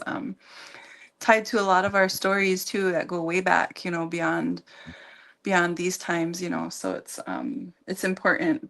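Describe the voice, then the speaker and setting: A woman talking as a guest on a radio show in a casual, halting way, with many fillers and restarts. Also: fairly low pitch, fairly bright tone. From Minnesota. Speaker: guest, community organization leader.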